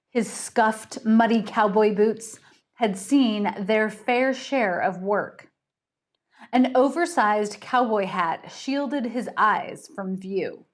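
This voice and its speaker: A woman author chatting encouragingly, then reading her mystery story aloud with dramatic pauses. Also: medium pitch. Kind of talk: casual chat and storytelling read-aloud.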